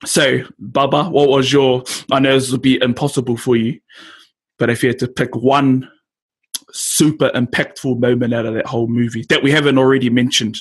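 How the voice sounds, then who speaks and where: A young man hosting a casual chat with friends, animated and laughing a lot as he acts out film lines in voices. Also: medium pitch, normal speed, husky. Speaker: podcast host.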